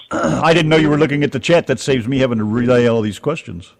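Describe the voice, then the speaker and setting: A man's voice: medium pitch, steady tone, a little fast, gravelly. A man co-hosting a radio show in casual chat, easygoing and teasing. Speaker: co-host.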